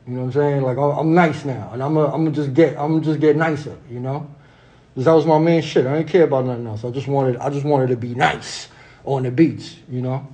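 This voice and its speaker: A man's voice: mid-range voice, steady tone, brisk, dark tone, slightly rough. A man in his forties with a New York accent, a beatmaker telling stories in a laid-back, slangy way. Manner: laid-back street slang, lots of "you know what I'm saying". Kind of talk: casual storytelling vlog.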